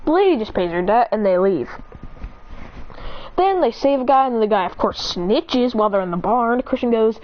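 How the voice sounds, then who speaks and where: A woman excitedly retelling a fan story in long run-on sentences. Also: sits high, fairly quick, lo-fi sound, slight background noise. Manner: rambling run-on narration.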